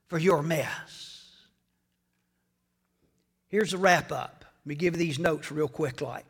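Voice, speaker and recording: A man preaching a sermon to a church congregation, swinging between hushed whispers and loud, dramatic shouting. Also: high voice, animated, normal speed, few pauses, breathy edge. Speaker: pastor.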